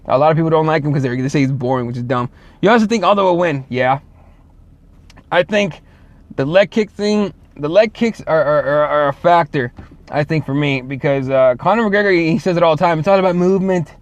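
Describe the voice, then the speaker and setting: A man's voice: on the high side, lively intonation, brisk, dry recording, lo-fi sound. A man hosting a casual solo show, rambling and swearing, full of fillers and restarts. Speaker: show host.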